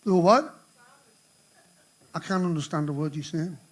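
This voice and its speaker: This musician, an older man, emcees a live charity concert with a fairly high voice at a moderate pace. He fills the gaps between songs with rambling, crude language and jokes aimed at the crowd.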